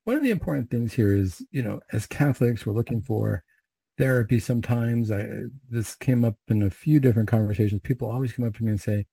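Guy reciting prayers then preaching, husky voice, dry close sound. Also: medium pitch, fast, dark tone, no room sound. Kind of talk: prayer and homily.

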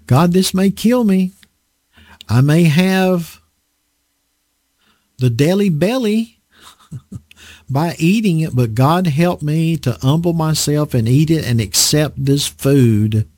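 Animated, lively-voiced male preacher. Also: on the high side, takes it slowly, pauses often, no echo, studio quality. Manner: animated, asks the audience rhetorical questions. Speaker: preacher teaching a Bible lesson. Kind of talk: conversational sermon.

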